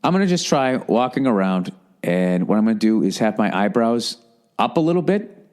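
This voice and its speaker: A man's voice: fairly low pitch, big pitch swings, moderate pace, darkish tone. A man hosting a podcast, ranting in a casual, profane and rambling way, mocking himself and mimicking other people. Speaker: podcast host. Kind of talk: casual rant.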